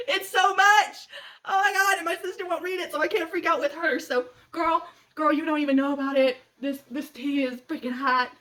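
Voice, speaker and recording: A young adult woman with a very high voice gushes and giggles at normal speed while ranting about books she loves in a casual vlog. This book vlogger retells stories animatedly, recorded on a slightly distant mic with faint background noise.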